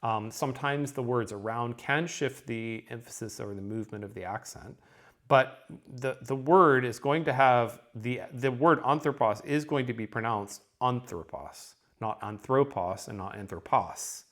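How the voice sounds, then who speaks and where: Guy explaining a lesson at a steady mid pitch, lots of ums and okays. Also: moderate pace. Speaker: teacher. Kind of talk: recorded lesson.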